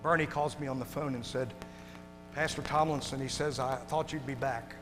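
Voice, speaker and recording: A male pastor preaching a sermon to his congregation, moving from hushed, tender passages to loud shouting. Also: medium pitch, steady tone, normal speed. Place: church sanctuary. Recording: long hall reverb with music behind.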